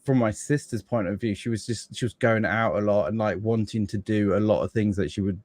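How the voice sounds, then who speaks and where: A man's voice: fairly low pitch, fairly even intonation, a little fast, a little mellow, no room sound. A man chatting casually as a podcast guest about fatherhood, rambling with many restarts and fillers.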